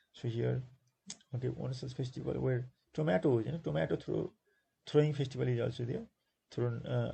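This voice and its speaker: Gravelly, husky Nepali-accented male teacher. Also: mid-range voice, dark tone, rough recording. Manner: repeats words slowly to stress syllables, with many fillers; switches into Nepali to explain. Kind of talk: exam-prep lesson explaining a textbook.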